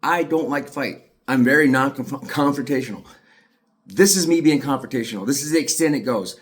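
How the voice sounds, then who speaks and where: A man's voice: mid-range voice, brisk. Middle-aged man, angry monologue, profane, emphatic, mid-range voice. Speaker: aggrieved father telling his story.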